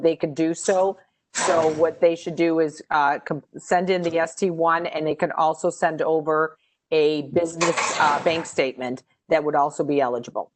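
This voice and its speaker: A woman with a lowish voice walks viewers through the program rules in a webinar. She explains things in a measured way, with hesitant fillers as she thinks. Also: slight background noise. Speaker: grant program presenter. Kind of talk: webinar Q&A answers.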